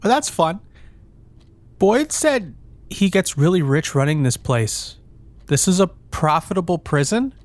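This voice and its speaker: A man's voice: high voice, big pitch swings, measured pace, no echo. A man playing a tabletop game in character, speaking in a hesitant, polite way. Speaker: player.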